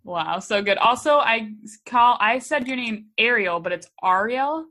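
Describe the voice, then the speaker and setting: A woman's voice: fairly high pitch, expressive, moderate pace, fairly bright tone. A woman hosting a podcast, upbeat and enthusiastic, often chiming in with affirmations. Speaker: podcast host. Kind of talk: casual podcast conversation.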